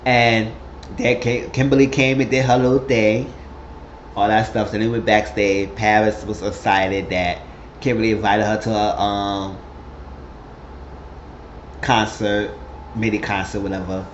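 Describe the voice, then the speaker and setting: A man telling a casual, animated recap of a reality show, acting out the quotes as he goes. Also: fairly low pitch, measured pace, long pauses, slight background noise. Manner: animated storytelling with acted quotes. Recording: roomy, slightly dull recording.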